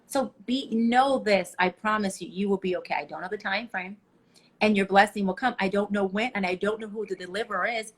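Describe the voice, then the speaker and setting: A woman with a slightly husky, medium-pitched voice talks as a life coach guest. She speaks passionately and preaches to her listeners, telling her stories with a lot of life. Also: fairly quick. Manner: passionate, preachy, animated storytelling. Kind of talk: motivational interview talk.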